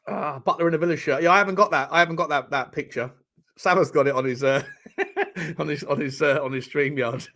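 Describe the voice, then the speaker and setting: A man hosting a live football watchalong stream, reacting to the chat in an excitable, sweary way with bursts of laughter. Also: fairly high pitch, fairly quick.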